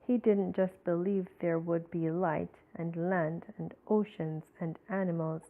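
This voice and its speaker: A woman reading an inspirational book aloud in a slow, deliberate way. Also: fairly low pitch, steady tone. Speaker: reader. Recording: tinny phone-like recording.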